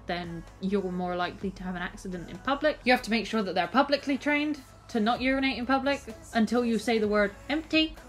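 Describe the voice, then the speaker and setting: A woman's voice: medium pitch, rough recording. A young woman vlogging to camera in a frank, exasperated way, often restarting her sentences. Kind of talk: casual talk to camera.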